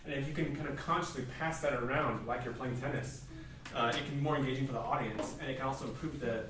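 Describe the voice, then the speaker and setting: Male masterclass teacher, brisk explainer, distant hissy pickup. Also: mid-range voice, steady tone. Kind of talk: coaching a string quartet. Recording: echoey hall from far off.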